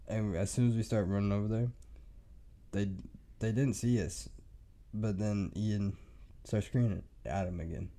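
Young guy on a podcast, low dark voice, swearing a lot, rambling story. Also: steady tone, unhurried, long pauses. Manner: rambling, profane, laughing often. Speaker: podcast host. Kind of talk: casual storytelling.

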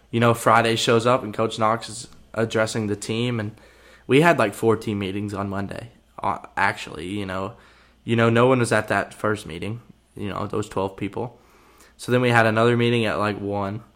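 A young college football player talks through a story on his own podcast. His voice sits a little low, and his delivery is loose and conversational. He leans on "you know" and "uh" as he goes. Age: young adult. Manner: relaxed, rambling, full of "you know" and "uh" fillers. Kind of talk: casual storytelling.

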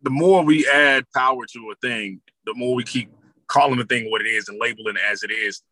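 A man in a casual discussion, reflective and halting, often repeating himself as he works out his point. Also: mid-range voice, pushed and bright, no echo, low-quality recording. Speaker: panelist.

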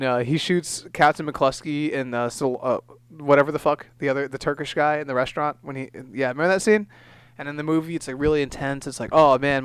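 A young man talking fast in a casual podcast chat, rambling from one joke to the next. His voice sits a little high for a man and sounds smooth and clear. The recording is dry and close. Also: dry recording. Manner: rambling, joking, puts on quick voices. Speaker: podcast co-host.

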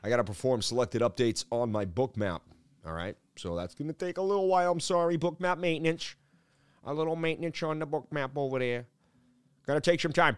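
A man's voice: a little high, a little fast, clean tone, no room sound. A man hosting a live crypto market stream, hyped and preachy as he walks through the charts, often calling people "baby.". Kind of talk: live market analysis chat.

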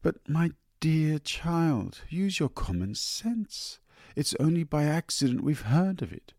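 A man's voice: on the low side, very animated, unhurried, gravelly, darkish tone, slightly rough, dry recording, clean studio sound, voice pushed up, heavily acted. A man doing an airy upper-class mother. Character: breezy, amused upper-class mother, middle-aged.

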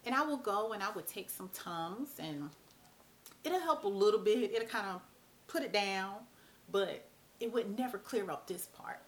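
A woman's voice: mid-range voice, a little slow. A woman, talking casually and bluntly to camera as a vlog host. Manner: animated, chatty, blunt, mild cursing.

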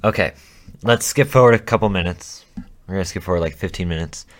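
A man narrating as game master of a tabletop role-playing game, in a casual, halting way with restarts. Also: low-pitched, slight background noise.

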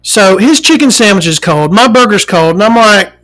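A woman hosting a casual talk show, ranting in a profane, animated, rambling way. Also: mid-range voice, moderate pace.

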